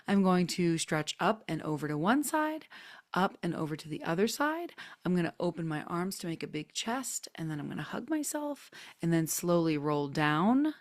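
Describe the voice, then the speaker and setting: A woman hosting a group video call, chatty and gently coaxing as she guides a neck stretch with soft, drawn-out cues. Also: fairly low pitch, sing-song. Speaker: host leading a group session. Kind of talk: casual guided stretching instruction. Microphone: computer mic on a video call.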